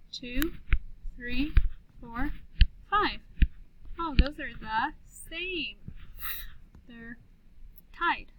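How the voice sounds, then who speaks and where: A woman teaching first graders a recorded phonics lesson from a classroom, sounding out words slowly, clearly and patiently. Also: high voice, very noisy.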